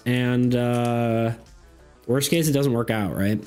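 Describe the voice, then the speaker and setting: A man's voice: mid-range voice, takes it slowly, darkish tone, clean tone, soft background music. A man streaming, chatting casually and reading chat messages aloud, full of fillers and restarts.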